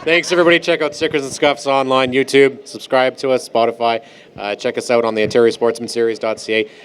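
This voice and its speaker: A man's voice: mid-range voice, fairly even intonation, quick pace, a little hiss or hum. A man hosting a motorsport panel, cracking jokes and wrapping up the show. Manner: joking, timekeeping. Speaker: podcast host.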